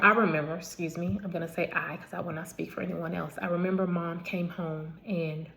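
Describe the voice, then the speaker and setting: A woman with a low, gravelly voice tells her own life story in a casual vlog. She speaks emphatically, repeats lines for effect and stops to correct herself. Her tone is rough and grounded in a slightly deep register. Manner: repetitive, emphatic retelling with asides and restarts.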